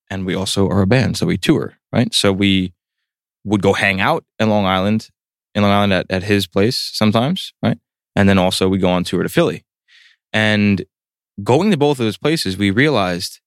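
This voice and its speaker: Swearing, animated man ranting. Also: on the low side, dry recording, clean studio sound. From New Jersey. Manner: animated ranting storyteller, swears freely, frequent "right?". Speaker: band member, guest. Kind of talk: casual interview chat.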